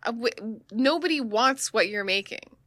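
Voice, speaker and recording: A woman co-hosting a casual comedy chat, telling an animated anecdote and swearing casually. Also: on the high side, measured pace, dry recording.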